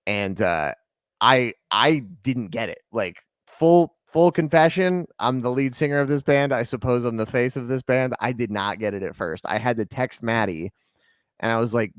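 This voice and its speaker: Recorded in clean studio sound with no echo, a lead singer from Atlanta, guesting with his band, talks through an interview in a loose, meandering style peppered with ums and likes. He speaks at normal speed in an expressive, mid-range voice.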